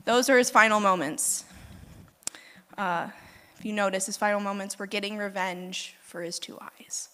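A young woman preaching a sermon, retelling a scripture story in a lively, casual way with laughs and asides. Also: medium pitch, moderate pace. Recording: long hall reverb.

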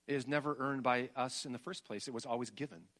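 Middle-aged male pastor, sermon voice, mid pitch, storytelling that swings from loud emphatic peaks to hushed asides. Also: fast talker.

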